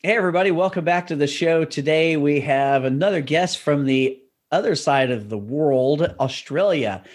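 A man's voice: a little high, normal speed. A man with an Oklahoma accent co-hosting a podcast, chatting casually and rambling through long stories. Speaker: podcast co-host. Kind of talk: casual chat.

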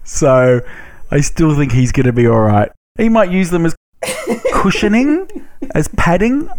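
A man's voice: fairly high pitch, a little slow, darkish tone. A man co-hosting a podcast in casual chat, a bit drunk, playful and mock-outraged, laughing often. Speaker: podcast co-host.

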